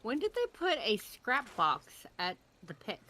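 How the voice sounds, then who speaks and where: A woman on voice chat during a game, asking slow, casual questions. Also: on the high side, wildly swooping pitch, bright, forceful tone.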